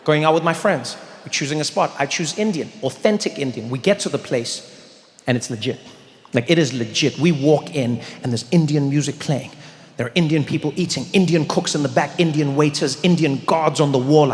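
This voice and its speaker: A man from South Africa doing a stand-up routine, telling a story in an animated way and building up to excited shouts. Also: a little high, brisk, a little hiss or hum. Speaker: stand-up comedian. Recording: echoey hall with long reverb.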